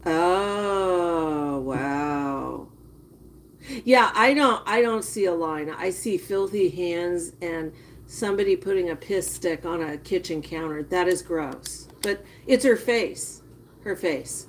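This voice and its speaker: Slow-talking woman on a live stream. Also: lowish voice. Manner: disgusted, drawn-out reactions while chatting to viewers. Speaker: livestreamer. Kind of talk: casual live-stream commentary.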